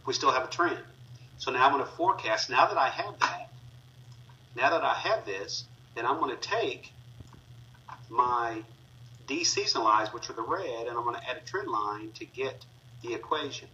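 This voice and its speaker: A man's voice: mid-range voice, expressive, normal speed, bright, forceful tone, dull audio. A man teaching a class, talking through each step of a screen-recorded spreadsheet tutorial with frequent fillers as he clicks along. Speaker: instructor. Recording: distant mic with faint noise.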